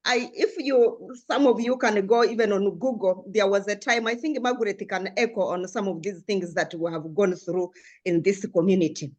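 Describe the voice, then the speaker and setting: A woman's voice: medium pitch, moderate pace, darkish tone, dull audio. Passionate older woman panelist. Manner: passionate, earnest, with many restarts. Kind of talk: panel discussion remarks.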